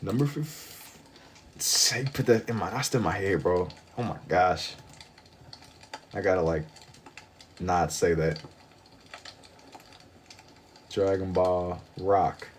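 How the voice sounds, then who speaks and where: Man, lowish voice, sleepy, drawling, rambling casual chat, repeats himself. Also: slow, pauses often, a little hiss or hum. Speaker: livestream artist.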